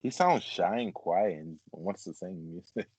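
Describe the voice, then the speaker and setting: A man's voice: sits low, lively intonation, a little slow, darkish tone, slightly rough. A man co-hosting a casual fan podcast, talking in a laid-back, rambling way full of "like"s. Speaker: podcast co-host. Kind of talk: casual chat.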